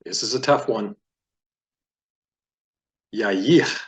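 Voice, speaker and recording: A man's voice: medium pitch, a little slow. A man teaching a beginner reading lesson, patiently explaining sounds step by step. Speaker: Hebrew teacher.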